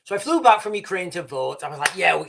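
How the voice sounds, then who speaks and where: A man's voice: sits high, big pitch swings, fast talker, vocal fry, fairly bright tone. A man holds forth on his livestream in a heated, emphatic rant. He swears freely and trips over his words, restarting and repeating himself as he pushes his point. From United Kingdom. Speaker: livestream host. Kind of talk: impassioned political livestream rant.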